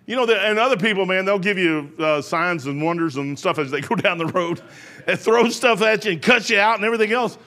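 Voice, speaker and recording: A man's voice: high-pitched, animated, a little fast, pushed and bright. A man preaching a sermon in a folksy, rambling way, full of restarts.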